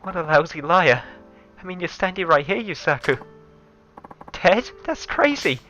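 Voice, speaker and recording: Man doing a soft, anxious young woman. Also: sits high, big pitch swings, unhurried, highs cut off, faint music behind, voice pushed up, full character voice.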